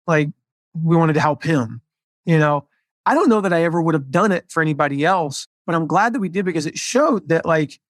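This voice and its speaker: A chatty man with a slightly raised pitch, talking casually about business in an upbeat, rambling way. The sound is close and dry, with no room around it. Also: dry recording. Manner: upbeat, chatty, lots of fillers. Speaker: podcast host, marketing coach.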